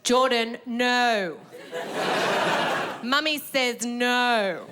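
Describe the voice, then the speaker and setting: A woman's voice: a little high, extremely slow. A woman doing a sing-song pretentious mummy. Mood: patronising. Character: pretentious young mother talking down to her toddler. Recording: comedy club with loud crowd and noise.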